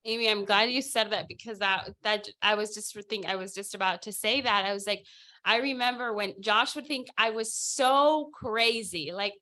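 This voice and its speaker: A woman leads a weekly team call with energetic, casual motivational talk, her speech full of "like" and "dude." Her voice sits a bit high and sounds dry and close, with no room around it. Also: dry recording. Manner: energetic and chatty, heavy use of "like" and "dude".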